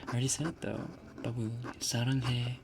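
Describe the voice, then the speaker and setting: A man in his twenties hosting an ASMR live stream, answering chat softly and slipping into whispers. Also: medium pitch, steady tone, normal speed, vocal fry, background noise. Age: 20s. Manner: soft-spoken, drifting into whispers.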